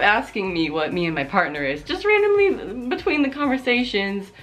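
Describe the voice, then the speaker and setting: A woman's voice: medium pitch, normal speed, soft background music. A young adult woman vlogger telling a story in a casual, profane, sarcastic way. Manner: profane, sarcastic, animated retelling.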